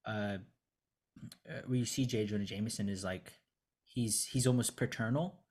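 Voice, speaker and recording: Earnest, lower-voiced male co-host. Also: normal speed, darkish tone. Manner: earnest, searching for words. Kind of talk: casual comic book review chat.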